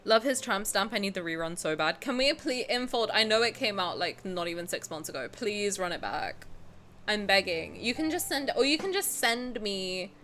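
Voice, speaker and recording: A young adult woman streaming a game, chatting casually and reading the story aloud, excitable and prone to swearing and sudden loud outcries. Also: mid-range voice, normal speed, slight background noise. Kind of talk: casual gaming reaction stream.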